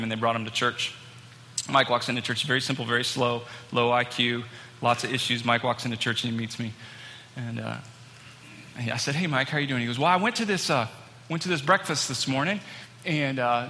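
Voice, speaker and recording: A man preaching a storytelling sermon to a congregation, acting out the people in his stories with growing excitement. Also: medium pitch, slight background noise. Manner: animated, acts out quoted people, rising excitement. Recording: long hall reverb, faint ambience.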